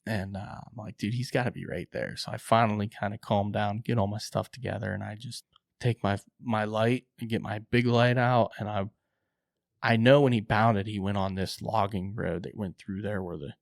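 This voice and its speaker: A man co-hosting a podcast, excitedly telling a hunting story, acting out his own quotes and swearing casually. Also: lowish voice, moderate pace, vocal fry, dry recording, clean studio sound.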